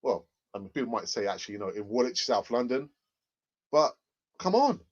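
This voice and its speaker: A man hosting a football fan livestream in casual chat. He is excitable and often repeats his phrases for emphasis. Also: medium pitch, fairly quick, muffled recording. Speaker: football fan channel host.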